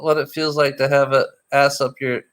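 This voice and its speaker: A man of middle pitch, talking in a loose, casual chat. He rambles and teases, circling back over his words with frequent restarts. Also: little pitch movement, normal speed, fairly bright tone. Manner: rambling and teasing, with many repeated restarts.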